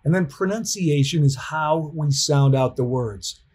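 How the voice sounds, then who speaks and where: Middle-aged man, professor, recorded lecture, husky voice, fairly high pitch, emphatic. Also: a little mellow. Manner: emphatic, deliberate teaching. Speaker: college professor.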